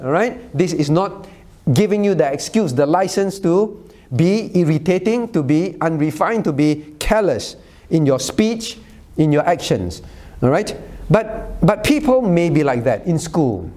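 Male pastor, Cantonese first language, animated sermon delivery, pitch moves a lot, teasing asides. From Cantonese-speaking Chinese community. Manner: animated, teasing asides with frequent "all right?" check-ins.

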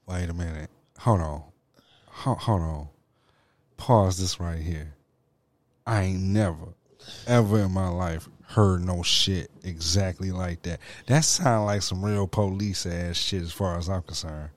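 A man's voice: low-pitched, measured pace, dry recording. A man hosting a podcast in a studio, reacting with profane disbelief and mocking what others say. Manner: incredulous, profane reactions, mocking put-on quotes. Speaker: podcast host. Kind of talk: crude casual banter. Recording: dry studio.

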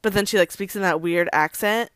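A woman's voice: mid-range voice, brisk, no echo, studio quality. A woman hosting casual celebrity gossip talk, chatty, leaning on "like" constantly, with swearing and laughing asides. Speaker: host.

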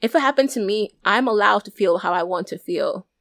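A young adult woman talks through her own thoughts on a solo podcast, earnest and open. Her voice sits at an everyday middle pitch, and she often circles back over a phrase before she finishes it. The sound is dry and close, with no room around it. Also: brisk, fairly bright tone, no room sound. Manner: candid and earnest, often repeating and restarting phrases. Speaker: podcast host. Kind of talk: solo reflective podcast monologue.

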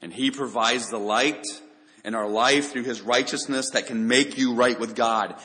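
A man's voice: medium pitch, steady tone, moderate pace, pushed and bright, in a large hall, poor audio. A man preaching a sermon, speaking earnestly and addressing listeners directly with rhetorical questions. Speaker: pastor.

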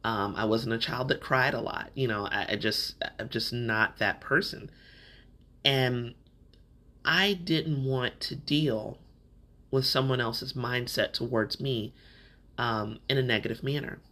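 A man's voice: medium pitch, measured pace, pushed and bright. A man hosting a podcast, telling a candid personal story in a reflective, conversational way with plenty of fillers. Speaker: podcast host.

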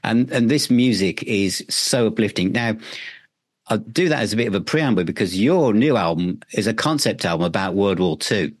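Low-voiced podcast host. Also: male voice, lively intonation, normal speed, dry recording, studio quality. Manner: enthusiastic, long rambling questions. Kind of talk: podcast interview.

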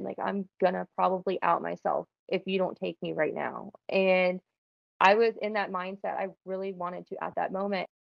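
Young woman telling her faith story, casual and earnest, raspy fry, dry close sound. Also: mid-range voice, no echo, highs cut off. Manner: casual, earnest, uses "like" often. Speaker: guest sharing testimony. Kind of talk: personal testimony.

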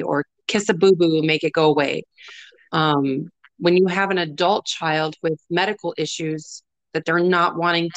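A middle-aged woman telling a personal story in candid conversation, emotional and animated. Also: sits low, no echo.

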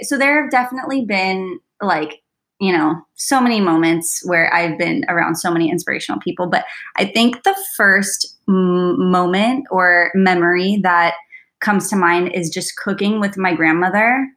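A woman's voice: medium pitch, fairly bright tone. A woman dietitian co-hosting a podcast in casual, reflective chat full of "like" fillers. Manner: chatty and reflective, many fillers like "like".

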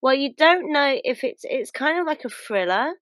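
A woman's voice: sits high, lively intonation, normal speed, a bit bright, no echo. A woman chatting casually about films as a podcast co-host, rambling and restarting her sentences. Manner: chatty, rambling, trails off and restarts mid-thought. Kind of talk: casual film chat.

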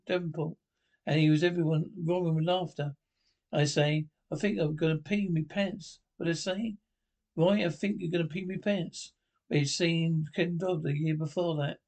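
A man's voice: a little high, vocal fry, a little mellow. An actor playing a chatty middle-aged holidaymaker man who rambles and keeps checking with his partner. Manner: rambling, keeps asking Roy to confirm. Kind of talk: sketch comedy acting.

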